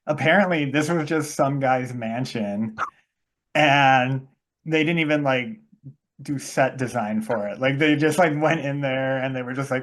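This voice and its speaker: A man in casual podcast chat about movies, his voice sitting at an ordinary middle pitch. He rambles along with plenty of fillers and slips into little acted-out bits of the scenes he retells. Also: unhurried, fairly bright tone. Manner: rambling, many fillers, acts out quoted lines. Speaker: podcast co-host.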